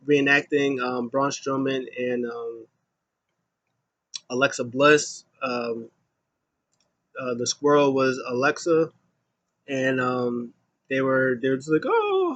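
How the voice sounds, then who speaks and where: A man giving a casual solo review of a wrestling show, rambling with many ums and getting loud when he mimics an announcer. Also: mid-range voice, level tone, takes it slowly, long pauses, muffled recording.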